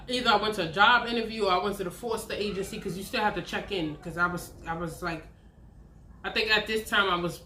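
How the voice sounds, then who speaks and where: A woman's voice: mid-range voice, sharp tone, a little hiss or hum. A woman, telling a candid, profane personal story on her vlog. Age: 30s. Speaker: vlogger. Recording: roomy echo.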